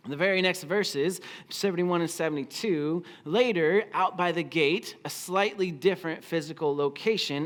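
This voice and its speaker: A man's voice: on the high side, fairly bright tone. A man preaching a sermon as pastor, telling the story expressively and acting out the quoted lines. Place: church auditorium.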